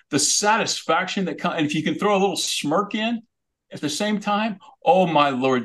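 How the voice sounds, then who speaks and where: Guest comedian, man, gravelly voice, lively comic delivery. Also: medium pitch. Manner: comic, animated storytelling. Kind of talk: storytelling chat.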